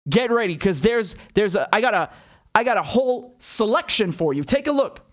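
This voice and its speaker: A man's voice: high-pitched, expressive, normal speed. A man giving indignant video commentary as a political commentator, sarcastic and outraged, with frequent swearing.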